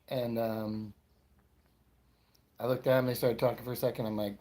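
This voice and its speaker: A man's voice: lowish voice, steady tone, a little fast, pauses often, dark tone. A man in his forties from Florida doing stand-up comedy, rambling through his stories and interrupting himself. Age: 40s. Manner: rambling, self-interrupting storyteller.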